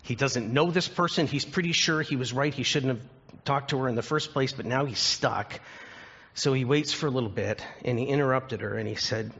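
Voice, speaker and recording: A man preaching in an earnest, storytelling way, leaning into key phrases by slowing down. His voice sits at a middle pitch with a husky edge. The recording sounds a little dull and lo-fi. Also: fairly bright tone. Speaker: pastor. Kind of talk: sermon.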